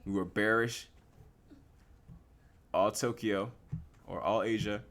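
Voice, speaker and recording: A young man giving casual live commentary on his forex trades, slangy and relaxed, asking and answering his own questions. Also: fairly low pitch, slow pace.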